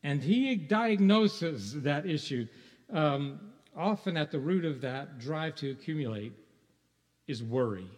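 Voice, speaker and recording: A man's voice: fairly high pitch, expressive, takes it slowly. A man preaching a sermon in a conversational way, asking rhetorical questions and chuckling now and then. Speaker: pastor. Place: church sanctuary. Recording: long hall reverb.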